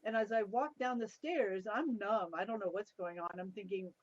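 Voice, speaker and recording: A woman's voice: mid-range voice, moderate pace, no room sound. A middle-aged woman telling stories as an interview guest on a video call, often laughing and acting out the people in her tale. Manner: lively, laughs often, acts out quoted people. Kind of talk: anecdotal storytelling in an interview. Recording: dull, dry lo-fi call audio.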